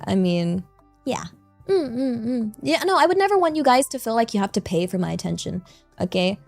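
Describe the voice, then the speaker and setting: A woman streamer chatting casually from her home setup, rambling and leaning on fillers and strings of yeahs. Her voice sits a bit high and is recorded close and dry on a desk mic. Faint music plays under her talk. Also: sing-song, brisk, vocal fry, no echo. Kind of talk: casual live-stream chat.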